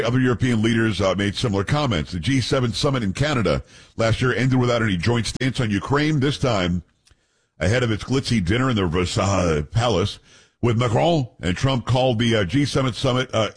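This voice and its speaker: A man's voice: medium pitch, slightly rough. A man hosting talk radio, reading news stories aloud and breaking in with blunt, opinionated asides.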